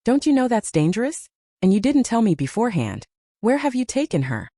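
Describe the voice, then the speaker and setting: A woman voicing a loud, hot-tempered older brother scolding over the phone. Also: a little high, big pitch swings, brisk, no room sound, studio quality, voice pushed up. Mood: angry.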